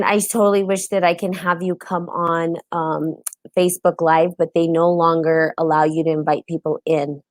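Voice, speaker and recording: A woman with a lowish voice talks casually on a live stream, checking in with her listeners and greeting people mid-thought. The sound is close and dry, with no room around it. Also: no room sound. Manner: chatty, often adds "right?" and greets viewers mid-talk. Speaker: host of a live-streamed spiritual talk show.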